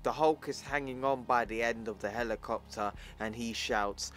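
A man's voice: mid-range voice, moderate pace, hardly any pauses, a bit bright, faint music behind. Chatty man retelling a comic. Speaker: comic recap narrator. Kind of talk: casual comic book recap narration.

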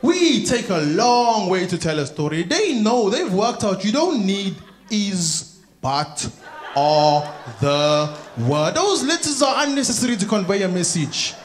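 South African comedian in an echoey theatre. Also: male voice, high voice, sing-song, unhurried. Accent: South African English. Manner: storytelling, teasing the crowd. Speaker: stand-up comedian. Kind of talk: stand-up comedy. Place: large theatre stage. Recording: echoey theatre with audience noise.

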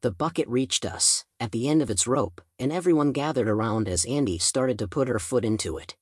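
A man narrating a first-person audiobook in a steady storytelling manner. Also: medium pitch, fairly quick, breathy edge, no room sound, clean studio sound.

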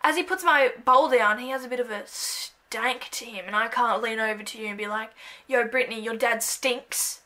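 An Australian woman vlogging a playful, self-mocking comedic monologue to camera, breaking into loud bursts. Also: on the high side, fairly quick, few pauses.

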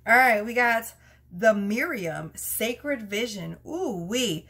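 A woman's voice: on the high side, expressive, slow, fairly bright tone, husky. A woman doing a casual tarot reading, chatty and prone to fits of laughter. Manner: giggly, chatty, laughs through her words. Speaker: tarot reader.

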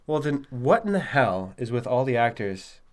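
A man's voice: mid-range voice, sing-song, normal speed. A man with a Massachusetts accent co-hosting a podcast, chatting in a wry, questioning, joking way. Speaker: podcast co-host. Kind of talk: casual chat.

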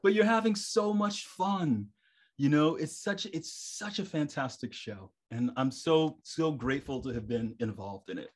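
A middle-aged man, a stage performer guest on a podcast, telling stories in a lively way and acting out his own thoughts. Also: a little high, unhurried. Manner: animated, acts out his own inner thoughts. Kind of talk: casual storytelling interview.

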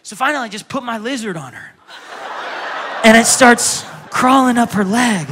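A man, preaching a sermon as a pastor, telling stories in an animated way and acting out voices. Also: extremely high pitch, normal speed, long reverb tail, background noise. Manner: animated storytelling, acting out childhood voices loudly.

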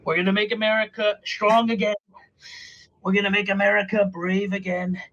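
A man's voice: high-pitched, level tone, moderate pace, fairly bright tone. A man doing an impression of a boastful older male politician, in a brash, rambling rally style, from a dull lo-fi clip. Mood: blustering. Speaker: comedian guest. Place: dressing room.

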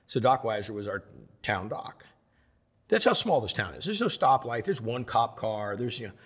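A middle-aged man telling lively stories in a sit-down interview, acting out the voices of the people in them. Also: medium pitch, normal speed, husky. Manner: animated storyteller, acts out voices of others. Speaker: interview guest.

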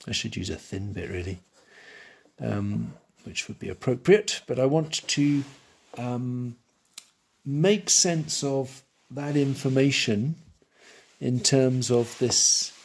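A man's voice: mid-range voice, creaky. A man giving a live drawing tutorial, thinking aloud and correcting himself as he sketches. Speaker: art teacher.

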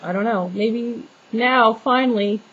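A woman's voice: a little high, measured pace, fairly bright tone, husky, highs cut off. A woman venting in a casual vlog, talking in an exasperated, rambling way with many restarts and fillers. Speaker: homeowner venting to viewers.

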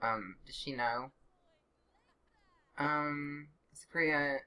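A woman's voice: rumbling low, expressive, takes it slowly, pauses often, bright, forceful tone. A young woman casually narrating her life-sim gameplay, chatty and sarcastic, with exasperated outbursts. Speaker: let's play gamer.

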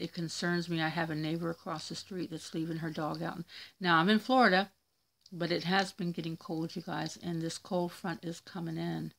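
A woman's voice: low-pitched, creaky. A woman hosting a casual religious video from home, reading out viewer comments and speaking in a chatty, tender way. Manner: chatty, tender, addresses viewers as "you guys" and "y'all". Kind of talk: casual religious talk to camera. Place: at home in Florida.

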